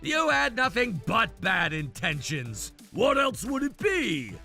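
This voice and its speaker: A man voicing stern middle-aged men, an officer and a father, in an animated story. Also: high voice, slow pace, creaky, soft background music, full character voice.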